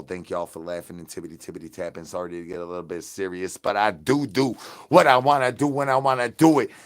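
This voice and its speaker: A man hosts a comic livestream in character as a zombie. He bounces through sing-song rhyming nonsense words and crude, boastful chatter. He keeps begging loudly for brains. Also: on the low side. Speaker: livestream host in a zombie persona.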